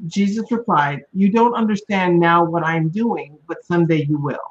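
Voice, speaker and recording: Scripture reader, woman, steady, dull lo-fi recording. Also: fairly low pitch, moderate pace. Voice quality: steady, plain reading. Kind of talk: reading scripture aloud. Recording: dull, lo-fi sound.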